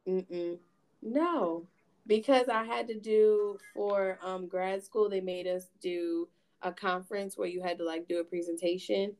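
A woman's voice: mid-range voice, fairly even intonation, measured pace, darkish tone. Candid, cursing woman podcast host. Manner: candid, swears freely, storytelling. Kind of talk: casual chat.

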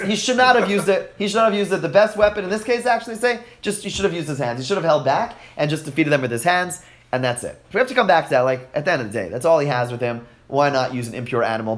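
A man leads a classroom text study with animated energy. He reads verses aloud, translates them and keeps praising his students' answers. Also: on the high side. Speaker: teacher.

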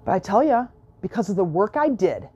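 A woman's voice: mid-range voice, very animated, brisk, mellow, husky, dull audio. A woman coach giving a motivational self-help talk, emphatic, repeating key phrases and acting out the questions people ask her.

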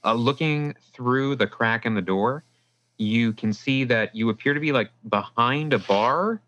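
Bright-toned man running a tabletop game. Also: medium pitch, unhurried. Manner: casual, filler-heavy narration. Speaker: game master. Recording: dull lo-fi audio.

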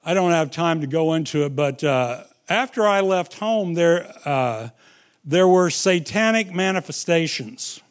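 A middle-aged man preaching a sermon, telling stories with dramatic swings between loud and hushed delivery. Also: on the high side, expressive, a little slow, clear, resonant tone.

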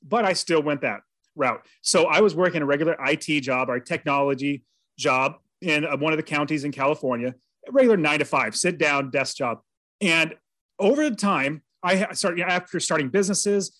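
Brief: male podcast guest, earnest storyteller, slightly high voice, dry close sound. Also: fairly bright tone, no room sound. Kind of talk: personal storytelling in an interview.

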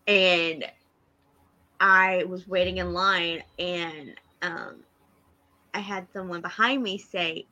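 A woman's voice: on the low side, fairly even intonation, takes it slowly, pushed and bright, lo-fi sound. A woman from Kansas co-hosting a casual fan chat, telling stories with frequent laughter. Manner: giggly, storytelling. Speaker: podcast co-host.

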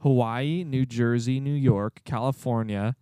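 A man co-hosting a comedy podcast, reading out facts with dry, deadpan jokes in between. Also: mid-range voice, measured pace, clear, resonant tone, no room sound. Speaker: podcast co-host. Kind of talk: casual podcast chat, reading researched notes.

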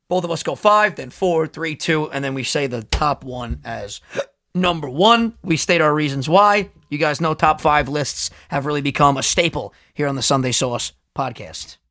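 A young man co-hosting a podcast, talking casually in an animated, joking, profane way. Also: fairly high pitch, moderate pace. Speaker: podcast co-host. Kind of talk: casual chat.

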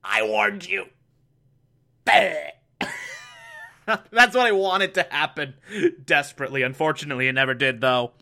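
A man's voice: a little high, moderate pace, creaky, pauses often, bright, forceful tone. A man giving a sarcastic, rambling comedic movie recap, laughing at his own jokes.

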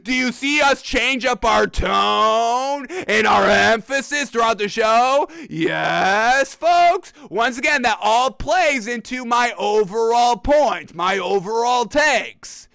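A man's voice: very high-pitched, animated, slow, gravelly, few pauses, pushed and bright, clear, resonant tone, no echo. A man hosting a sports talk show, ranting emphatically to camera and repeating his points. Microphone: camera mic.

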